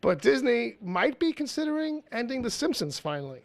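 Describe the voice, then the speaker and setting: A man's voice: extremely high pitch, very animated, brisk, vocal fry, dry recording. A man hosting a podcast, joking and swearing in casual chat before reading out the news. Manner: profane, joking, reads out news. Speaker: podcast host.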